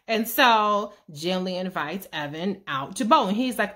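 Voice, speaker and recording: A woman's voice: mid-range voice, sing-song, moderate pace, pushed and bright. A woman casually recapping a TV series with profane, sassy asides. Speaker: show recap vlogger.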